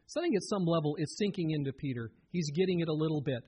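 A pastor preaching a sermon in an earnest, conversational way, often putting questions straight to his listeners. His voice sits a little high for a man and has a husky, breathy edge. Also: expressive, fast, darkish tone.

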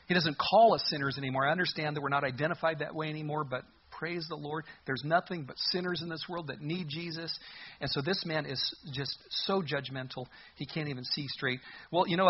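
A man preaching a sermon as a pastor, expressive and full of rhetorical questions, on a muffled lo-fi recording. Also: fairly high pitch, husky.

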